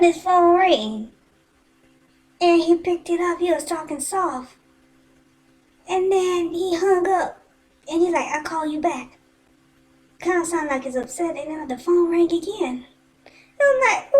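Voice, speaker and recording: A woman telling a personal story in a casual, animated and colloquial way, swearing freely. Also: very high voice, low-quality recording.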